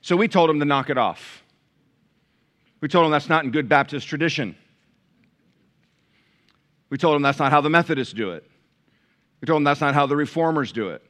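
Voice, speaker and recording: A male pastor preaching a sermon to a large church, swinging from loud emphatic peaks to quiet, hushed lines. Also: on the high side, animated, moderate pace, long pauses. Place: large church with balcony, live congregation.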